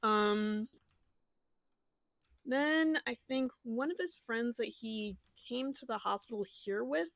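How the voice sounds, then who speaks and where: A woman's voice: on the high side, takes it slowly, gravelly, no echo. A woman in a game roleplay, telling what happened in a loose, rambling way.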